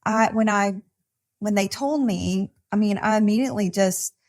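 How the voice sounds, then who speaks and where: A woman's voice: medium pitch, moderate pace, darkish tone. Chatty lady therapist, lots of um and you know, laughs easy, recorded at a conference. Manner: chatty, many fillers and restarts, frequent laughter. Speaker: therapist and podcast guest. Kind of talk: casual conversation.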